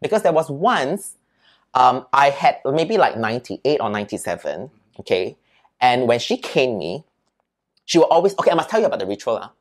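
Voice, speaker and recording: A man with a Singaporean accent, a podcast guest, telling childhood stories in a lively, chatty way and often adding "right?" and "lah". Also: medium pitch, normal speed. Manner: animated storyteller, peppers speech with "right?" and "lah". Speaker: interview guest. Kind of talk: casual storytelling in an interview.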